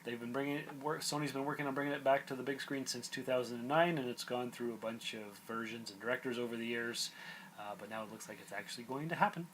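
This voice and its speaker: A man's voice: medium pitch, quick pace, fairly bright tone, slight background noise, poor audio. A man co-hosting a podcast, chatting casually and reading movie and TV news items aloud with asides. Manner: reads entertainment news items aloud with side comments. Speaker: podcast co-host.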